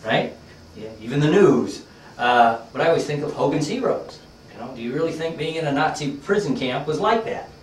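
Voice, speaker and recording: A man's voice: fairly high pitch, lively intonation, fairly quick, echoey room, distant mic, slight background noise, poor audio. A man teaching a workshop class, telling a story in a conversational, folksy way with lots of fillers. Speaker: workshop trainer.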